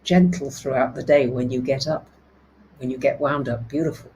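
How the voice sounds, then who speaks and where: A woman hosting a live astrology talk, speaking, reading out viewers' comments and dropping soft and low for calm affirmations. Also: normal speed, a little hiss or hum, rough recording. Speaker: astrology host.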